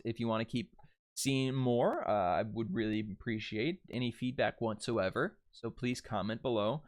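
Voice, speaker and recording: A young man giving a casual video lesson on phonetics and dialects, relaxed and chatty, with fillers and restarts. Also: medium pitch. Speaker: dialect coach.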